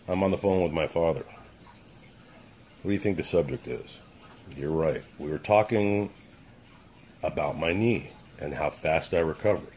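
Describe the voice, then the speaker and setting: Middle-aged man, very low voice, blunt profane storyteller; faint hiss behind. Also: darkish tone, poor audio. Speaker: channel host. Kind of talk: casual storytelling to camera. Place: his house basement.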